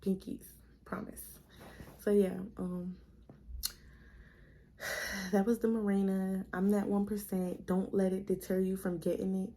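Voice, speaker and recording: A woman's voice: medium pitch, unhurried, long pauses. A young adult woman, casually telling a personal story on her vlog and acting out the people she quotes. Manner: chatty, animated retelling with quoted voices, addresses viewers as y'all. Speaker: vlogger.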